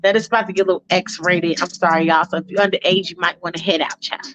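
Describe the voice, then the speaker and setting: A woman's voice: fairly low pitch, steady tone, fast, a bit bright, highs cut off. A woman casually freestyling a story and chatting straight to her listeners.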